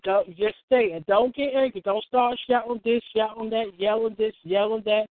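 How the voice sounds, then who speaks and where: A woman hosts a call-in show with a high voice, giving casual advice. She repeats herself, restarts her sentences and acts out little exchanges. The sound comes through a tinny phone line. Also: fairly even intonation, moderate pace, dry recording. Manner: repetitive, restarts often, acts out dialogue.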